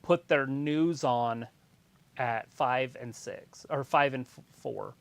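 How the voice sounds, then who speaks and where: A man's voice: medium pitch, takes it slowly, creaky, clean tone. A man co-hosting a casual wrestling watch-along live stream, explaining things in a rambling, matter-of-fact way.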